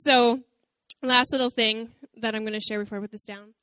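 A woman nearing thirty preaches from a church stage in a bubbly, storytelling way. Her voice sits fairly high and sounds dry and close to the mic. She talks like she's chatting with friends. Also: fairly quick, clean tone, dry recording. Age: 20s. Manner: chatty, animated, laughing storyteller. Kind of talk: casual church sermon intro. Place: church stage before audience.

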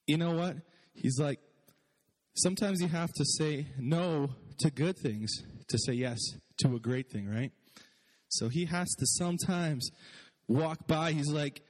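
A man's voice: a little high, unhurried, darkish tone, long reverb tail. A man preaching a sermon in a casual, chatty way, often laughing and saying "like". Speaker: pastor.

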